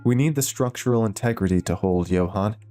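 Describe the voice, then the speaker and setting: A man voicing a calm, precise female scientist in a spoken horror story. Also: fairly low pitch, a little fast, soft background music, close to an everyday voice.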